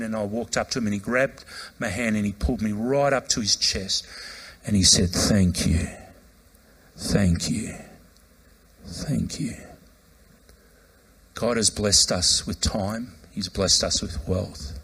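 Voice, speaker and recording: A man's voice: fairly low pitch, moderate pace, husky. A man, a pastor preaching a sermon, telling a personal story and acting out the voices in it. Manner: animated, acts out quoted voices, loud outbursts when retelling.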